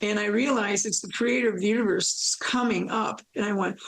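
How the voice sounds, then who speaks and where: Gravelly-voiced woman telling her story. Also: medium pitch, brisk, low-quality recording. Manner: acts out her own thoughts in quotes, laughs often. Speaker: interview guest recounting a near-death experience. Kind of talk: animated personal storytelling.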